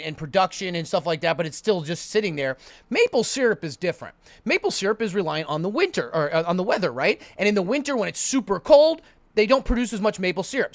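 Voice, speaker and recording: A man's voice: high voice, no room sound. A man streaming live, telling a story casually, with lots of swearing, repetition and restarts. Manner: profane, rambling, animated, repetitive.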